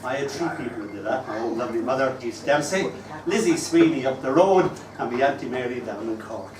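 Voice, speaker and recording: A man in his sixties hosting an open mic and reading his poems with wistful, gentle humour. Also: mid-range voice, animated, brisk, a little hiss or hum. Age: 60s. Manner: wistful, gently humorous storytelling. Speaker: poet and open mic host. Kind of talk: live poetry reading. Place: live open mic venue. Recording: roomy room, distant mic, faint ambience.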